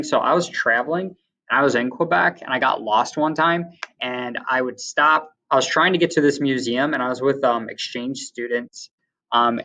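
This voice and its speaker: A man's voice: medium pitch, pushed and bright. A man giving a casual classroom lecture as a teacher, chatty and full of fillers, with side stories. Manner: chatty, many fillers, tells anecdotes. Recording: distant, dull lo-fi recording.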